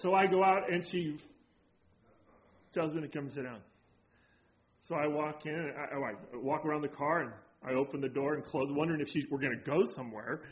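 A man's voice: a little high, fairly quick, muffled recording, slight background noise. A man preaching a sermon, telling a story from his own early ministry before building to emphatic preaching. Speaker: pastor.

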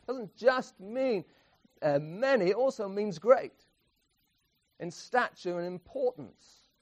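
A man's voice: high-pitched, darkish tone. A man preaching an expository sermon, emphatic, often restarting phrases and chuckling.

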